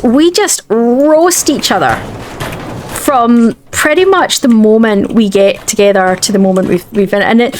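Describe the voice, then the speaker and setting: A woman's voice: fairly high pitch, a little hiss or hum. A woman with a Scottish accent, chatting casually while streaming a game, rambling and often restarting her sentences. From Scotland. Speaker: gaming streamer. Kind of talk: casual chat while gaming.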